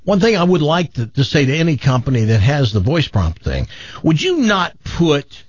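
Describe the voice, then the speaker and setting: Man, husky, exasperated caller with a lively voice, dull dry sound. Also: a little high, normal speed, no room sound. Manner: exasperated, animated retelling with quoted voices. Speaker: caller telling a story. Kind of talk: casual storytelling on a talk show.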